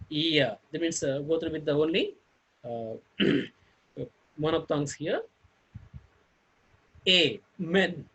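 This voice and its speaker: A man gives a phonetics lesson in a husky, slightly raised voice. He speaks very slowly, spells words letter by letter, and fills his pauses with hesitant uhs. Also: a little high, fairly bright tone, dull audio. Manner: halting, many fillers, spells words letter by letter. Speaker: teacher. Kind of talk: phonetics lecture.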